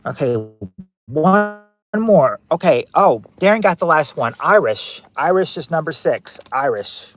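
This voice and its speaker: A man's voice: fairly high pitch, lively intonation, unhurried, soft background music. A man hosting a family quiz game on a livestream, reading questions and chatting with viewers by name, often repeating himself. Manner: chatty, repeats phrases, reacts to chat names.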